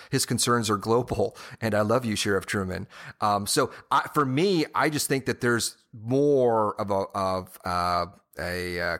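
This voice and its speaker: Low-ish voiced guy cohosting a chatty podcast, rambly, lots of "you know". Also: fairly bright tone. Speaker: podcast co-host. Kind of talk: casual TV-show discussion.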